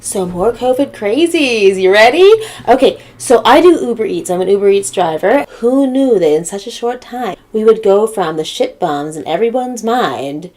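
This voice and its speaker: A woman telling a funny story straight to camera, with a middle-pitched voice. She talks bluntly and sassily and swears freely as she goes. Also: animated, normal speed, hardly any pauses, darkish tone. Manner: sassy, blunt, profane. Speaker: comedic storyteller.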